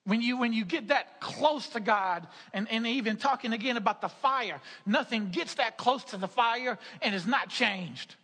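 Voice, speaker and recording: A man's voice: extremely high pitch, normal speed, hardly any pauses, sharp tone, husky. A middle-aged man preaching a sermon, with frequent restarts, repetitions and laughing asides. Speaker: pastor. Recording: hall reverb.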